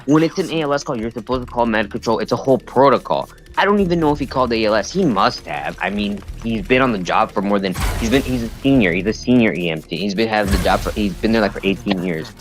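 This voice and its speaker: A man who works as an EMT, venting in casual podcast chat, animated and swearing, full of "dude" and "bro". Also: fairly low pitch, fast, hardly any pauses, soft background music.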